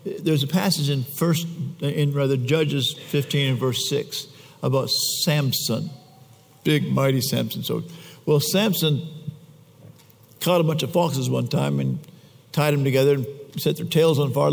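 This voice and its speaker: A man's voice: mid-range voice, a little slow, vocal fry. A man preaching a conversational sermon, often putting questions to the congregation. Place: church. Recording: echoey church hall.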